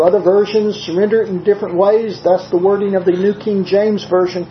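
A preacher with a Southern US accent giving a sermon in a measured, conversational way, slowing down to stress quoted scripture. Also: medium pitch, steady tone, a little hiss or hum. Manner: conversational asides with frequent "uh" fillers. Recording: roomy, dull lo-fi recording.

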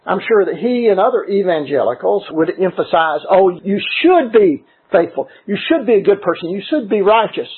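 Male preacher, high husky voice, emphatic and deliberate, tinny phone-like recording. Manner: emphatic, deliberate, slows on key words. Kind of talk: sermon.

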